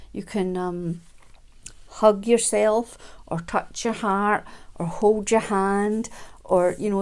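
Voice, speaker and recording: A woman giving a gentle, unhurried self-help talk, with frequent ums and quiet laughs. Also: mid-range voice.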